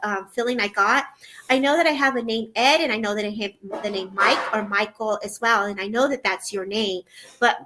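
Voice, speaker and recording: A woman's voice: fairly high pitch, fairly bright tone. A woman psychic medium giving a live online reading, effusive and addressing viewers by name, with frequent repeats and restarts. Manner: repeats words and restarts, talks in a quick flowing stream.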